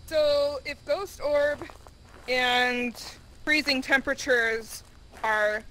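A woman playing a VR ghost-hunting game with a friend, chatting playfully and shouting in tense moments. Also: high-pitched, steady tone, a little hiss or hum, low-quality recording. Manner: playful, quick to shout and laugh. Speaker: co-player. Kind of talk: casual gameplay chat.

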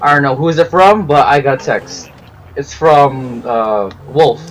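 A man's voice: medium pitch, a little slow, a little hiss or hum, poor audio. A young man narrating and chatting in character in an improvised game film, hesitant and rambling with many fillers. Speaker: crew member narrating a machinima film.

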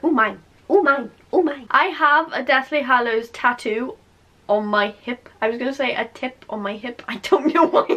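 A young woman vlogging, chatty and animated, with lots of fillers and repeated emphasis. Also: a little high. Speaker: YouTuber. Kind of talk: casual vlog chat.

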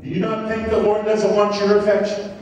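A man preaching a sermon as pastor, swinging from loud, high exclamations to soft murmurs. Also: completely flat delivery, a little fast, noisy background. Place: church sanctuary. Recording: echoey church hall from far off.

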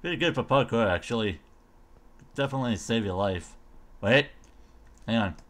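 A man's voice: mid-range voice, animated, normal speed, a bit bright. A man casually commenting on a game mod as he tries it, thinking aloud and mumbling silly noises. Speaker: gamer showcasing a mod.

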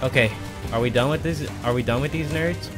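Speaking a little fast in a mid-range voice, this man streams a game from his home room with a TV. His commentary is casual and rambling; he mocks himself and begs an in-game companion for help. Game music runs behind his arm-mounted desk mic.

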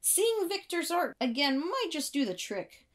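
A woman's voice: extremely high pitch, sing-song, a little slow, pitched above the performer's own voice, full character voice. A woman doing an eager young helper. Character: eager helpful young man.

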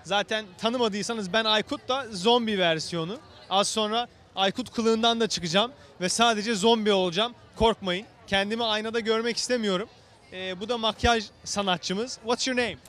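A Turkish TV reporter and host, speaking at normal speed in a high-pitched voice, playfully jokes with and teases people during outdoor street interviews in the city, handheld mic in hand, and also narrates. Loud music plays beneath his voice.

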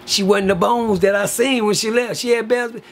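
A man telling a story in casual, profane talk, lively and acting out other people's lines. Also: sits high, normal speed, a little hiss or hum.

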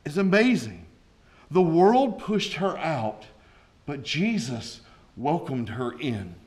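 Man preaching a lively sermon. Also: on the high side, slow. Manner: preaching with rising intensity, folksy asides. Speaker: pastor.

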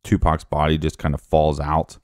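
Very deep-voiced man, dark and dry. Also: monotone, moderate pace, no echo. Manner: interjects with questions and added details. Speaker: podcast co-host. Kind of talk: casual true-crime discussion.

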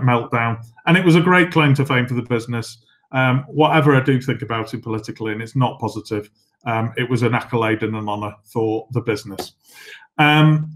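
A middle-aged man, a company chief executive, giving a business masterclass with brisk, self-deprecating anecdotes. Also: mid-range voice. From England.

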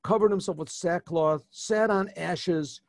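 A man, a rabbi, retelling a scripture story to his class in an animated way, often restarting and adding asides. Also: high voice, a little slow, no room sound. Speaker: rabbi teaching a yeshiva class. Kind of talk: informal storytelling lesson.

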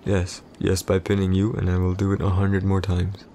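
A man voicing a possessive, jealous warrior husband in a whispered role-play, curt and irritated, speaking low and close. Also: completely flat delivery, normal speed, mellow, slight background noise. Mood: grudging. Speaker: voice actor in a boyfriend roleplay.

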